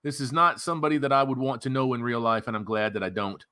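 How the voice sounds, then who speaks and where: A man's voice: medium pitch, steady tone, quick pace, bright, forceful tone. A man hosting a commentary channel, mocking a news story in a sarcastic, profane rant.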